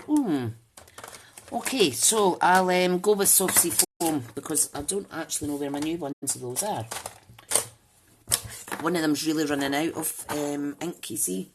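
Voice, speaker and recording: Low-voiced chatty woman crafter. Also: measured pace, long pauses, background noise. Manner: chatty, rambling, thinks aloud while working; greets live viewers by name. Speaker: crafting channel host. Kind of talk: casual live crafting demo.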